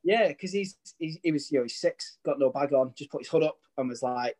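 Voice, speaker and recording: A man's voice: fairly high pitch, a little fast, a little mellow. A British man in his thirties telling rambling, chatty stories. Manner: chatty, rambling storytelling with restarts. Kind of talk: casual chat.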